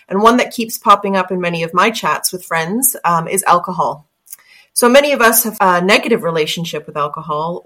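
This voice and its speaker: A woman hosting a podcast, reading an earnest introduction and then chatting with her guest, emphatic and quick to laugh. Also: lowish voice, fairly bright tone. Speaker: podcast host. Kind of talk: scripted intro then casual interview.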